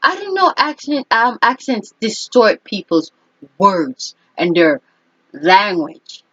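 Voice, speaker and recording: A woman's voice: mid-range voice, big pitch swings, slow pace, fairly bright tone, slightly rough, dry recording. A woman talking in a casual, opinionated monologue as an astrologer, speaking emphatically and often checking in with "okay?". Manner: emphatic, keeps asking "okay?". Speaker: astrologer and vlogger. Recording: dull lo-fi dry recording.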